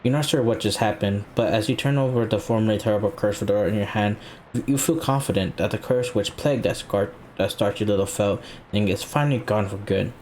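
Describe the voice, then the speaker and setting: A man hosting a let's play, reading game text aloud in a casual way with quick reactions. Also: on the low side, darkish tone, a little hiss or hum. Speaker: gaming channel host.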